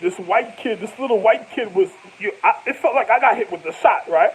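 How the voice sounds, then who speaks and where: A man's voice: high-pitched, brisk, poor audio. A man telling rambling stories to camera in loose slang, laughing often as he goes. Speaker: vlogger. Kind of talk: casual storytelling to camera.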